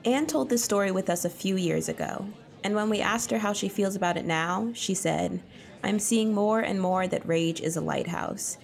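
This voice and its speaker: A woman hosting a podcast, reading measured scripted introductions. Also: medium pitch, gravelly. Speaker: podcast host.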